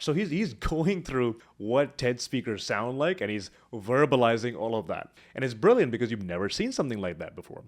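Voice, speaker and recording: A man teaching public speaking, talking to camera with lively swings between high energy and quiet, hushed moments. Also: brisk, hardly any pauses. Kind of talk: instructional talk to camera.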